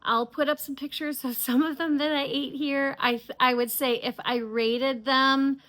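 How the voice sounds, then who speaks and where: A woman's voice: high voice, fairly even intonation, moderate pace, sharp tone. A middle-aged woman hosting a knitting podcast, chatting casually and enthusiastically with many fillers and restarts. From United States. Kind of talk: casual chat.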